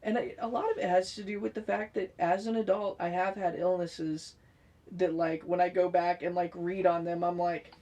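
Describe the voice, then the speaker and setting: Profane animated woman telling stories. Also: lowish voice, normal speed, highs cut off. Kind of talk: casual chat.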